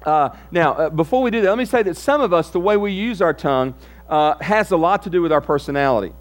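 Guy preaching, chatty sermon, bit higher voice, keeps asking the crowd stuff. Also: expressive, quick pace. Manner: conversational, asks the audience questions. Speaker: pastor.

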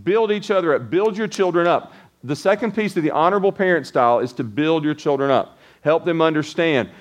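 A man's voice: fairly high pitch, a little fast, highs cut off. Rambling conversational male pastor. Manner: conversational, rambling with restarts and tag questions. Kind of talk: sermon.

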